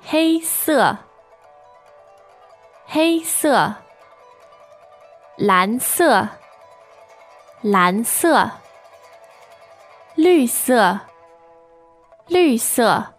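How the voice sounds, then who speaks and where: A woman co-hosting a language lesson, saying each word slowly and twice for learners. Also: a little high, sing-song, soft background music. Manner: models words slowly, repeating each twice. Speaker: Chinese language co-host. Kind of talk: casual teaching chat.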